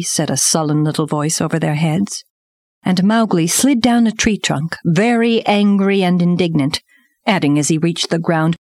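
A woman narrating a storybook aloud in a measured, expressive way. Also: deep voice, no room sound, studio quality.

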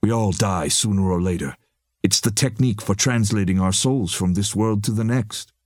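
A calm, serious young male swordsman who speaks in a measured, solemn way, voiced by a man in his own low register. The voice is low and even, and the recording is dry and close. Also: no room sound, lightly acted.

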